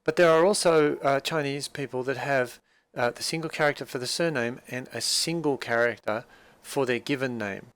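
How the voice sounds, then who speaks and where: Patient male teacher with a smooth voice. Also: mid-range voice, a bit bright, dry recording. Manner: patient, with many fillers and restarts. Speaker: language teacher. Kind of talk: explaining a textbook dialogue.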